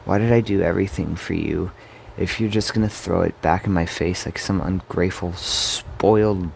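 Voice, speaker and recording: A man voicing a dying, undead older brother who is bitter and desperate, speaking slowly with pleading that rises to anger. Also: low-pitched, darkish tone, a little hiss or hum. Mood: angry.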